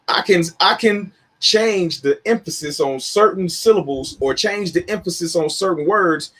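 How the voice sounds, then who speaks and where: A man co-hosting a casual talk show, hammering his points with heavy stress on single words. His voice is husky and a little rough. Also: high voice, normal speed, few pauses, fairly bright tone. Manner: emphatic, lectures with stressed words. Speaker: podcast co-host. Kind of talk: casual chat.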